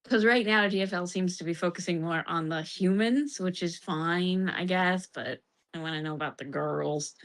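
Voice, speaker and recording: A woman's voice: fairly low pitch, fairly bright tone. A woman streamer chatting casually about a game, laughing often and acting out the characters' lines in bursts.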